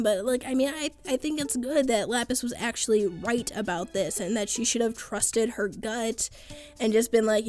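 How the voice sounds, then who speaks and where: A young woman casually recapping and giving her opinion on a cartoon episode, chatty and quick to laugh. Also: a little high, darkish tone, soft background music. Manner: chatty, laughs often, quotes characters loosely. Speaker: cartoon reviewer.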